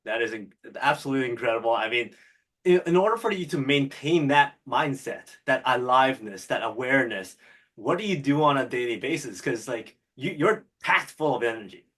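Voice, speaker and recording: A man's voice: mid-range voice, animated, fairly quick, fairly bright tone. A man hosting a podcast, asking long questions with enthusiasm. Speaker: podcast host. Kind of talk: interview questions.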